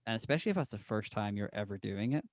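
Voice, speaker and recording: Gravelly low-voiced Northern Irish man. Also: quick pace, no echo, studio quality. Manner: relaxed, hesitant with many fillers. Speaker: podcast host. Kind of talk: casual interview chat.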